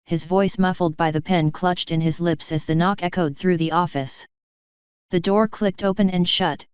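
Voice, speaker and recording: A woman reading a fanfiction story aloud in a steady, even narrating voice. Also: fairly low pitch, smooth, no room sound, lo-fi sound. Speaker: fanfiction reader. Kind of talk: audiobook narration.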